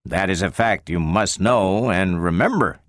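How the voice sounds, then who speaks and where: A man reading the part of a brisk male scientist who questions a robot in a probing, sometimes sharp way. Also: low voice, no room sound, clean studio sound.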